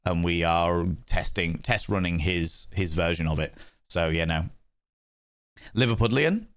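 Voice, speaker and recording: A man's voice: low-pitched, measured pace, fairly bright tone, dry recording, studio quality. A young man chatting casually as a game streamer, rambling and playful and swearing freely. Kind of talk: casual livestream chat.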